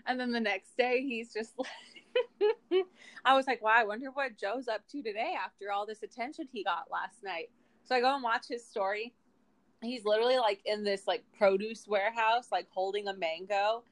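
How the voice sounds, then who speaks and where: A woman's voice: fairly high pitch, normal speed, no echo. Young woman telling a funny story on a podcast, mid voice, dry close sound, laughs and swears a lot. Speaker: podcast co-host. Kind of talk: casual chat.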